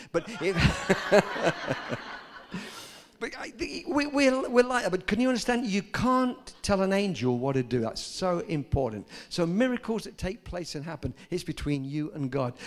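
An older man preaching a sermon, telling stories and rising to loud, emphatic peaks. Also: a little high. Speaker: pastor.

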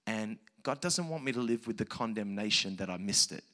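Male preacher, bright-toned storyteller, very animated, drops to near hush then surges loud. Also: lowish voice, a little fast. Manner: animated, swings from hushed asides to shouted peaks. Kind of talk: sermon storytelling.

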